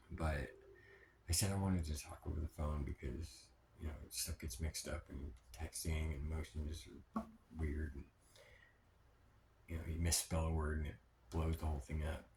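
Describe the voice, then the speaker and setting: A man's voice: a bass voice, fairly even intonation, unhurried, pauses often, a little mellow. A man telling a personal diary vlog, rambling with many fillers, sometimes dropping to a near whisper and swearing when upset. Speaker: vlogger. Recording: echoey room with background noise.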